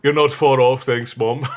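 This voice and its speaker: A man's voice: mid-range voice, steady tone, slow pace. A man hosting a casual livestream who laughs often and reads out viewer messages. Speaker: livestream host.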